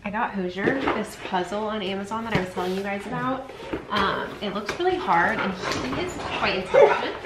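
Heavy background noise surrounds this woman in her twenties, a nurse practitioner venting chattily to her camera with many fillers. Her medium-pitched voice is animated and brisk.

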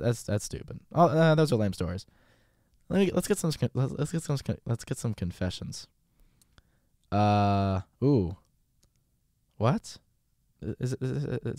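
A man's voice: lowish voice, mellow, dry recording, studio quality. A man hosting a podcast, giving blunt, rambling, casual commentary with a profane edge. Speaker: podcast host.

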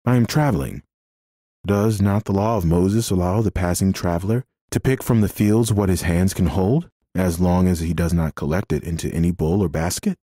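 A learned young king speaks calmly with a dry wit, as a male audiobook reader plays him. His voice sits low and warm. The sound is close and dry. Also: moderate pace, dry recording. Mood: wry. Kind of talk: audiobook character voice.

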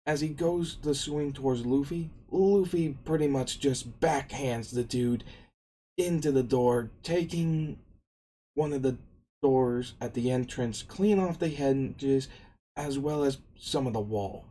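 A man's voice: mid-range voice, slow pace, warm tone, rough recording. A man casually retelling an anime story, meandering along and restarting his sentences often. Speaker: anime recap narrator.

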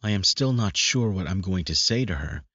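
A man's voice: deep voice, expressive, normal speed, pushed and bright, slightly rough, no echo. A man reading a first-person audiobook in a brooding, self-questioning way. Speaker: audiobook narrator. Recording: dull lo-fi recording.

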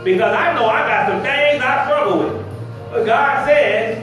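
High-voiced preacher in an echoing church. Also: male voice, unhurried, fairly bright tone, faint music behind. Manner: plain-spoken, slangy, teasing the congregation. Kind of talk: lively sermon. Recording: very echoey hall, mic far off.

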